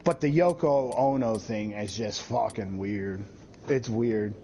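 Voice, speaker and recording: A man's voice: on the low side, slow, slight background noise. A man chatting casually on a gaming stream, swearing a lot and acting out the people he talks about. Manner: profane, animated, does voices of people he tells about. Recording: dull lo-fi stream audio with faint game music.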